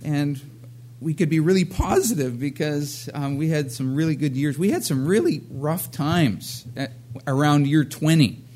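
A man's voice: fairly high pitch, a little slow, darkish tone. A middle-aged man preaching a casual sermon, rambling with many fillers and laughing at his own jokes.

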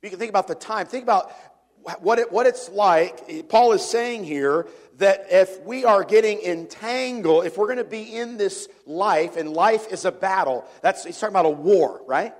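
High-voiced man preaching conversationally. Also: normal speed. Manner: conversational, asks the congregation questions, repeats words. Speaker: pastor. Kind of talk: sermon. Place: church before a congregation.

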